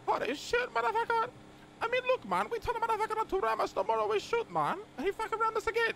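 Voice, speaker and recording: A hyped young street criminal, put on by a man, with a very high voice that leaps all over the place. He rattles his lines off quickly in a bright, cutting tone, swearing constantly and tagging everything with "brother" or "man.". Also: wildly swooping pitch, slight background noise, exaggerated voice. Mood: worked up. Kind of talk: crime role-play.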